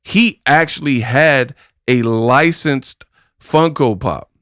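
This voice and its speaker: A man's voice: mid-range voice, takes it slowly, a bit bright, dry recording, clean studio sound. Exasperated man ranting about boxing. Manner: exasperated, lots of rhetorical questions. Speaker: boxing commentary host. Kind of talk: casual commentary rant.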